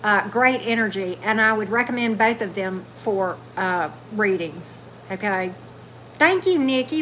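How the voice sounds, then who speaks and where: A woman's voice: medium pitch, animated, measured pace, a bit bright, slight background noise, poor audio. A woman hosting a tarot livestream, chatting loosely and answering viewer comments as they come in. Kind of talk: casual livestream chat with viewers.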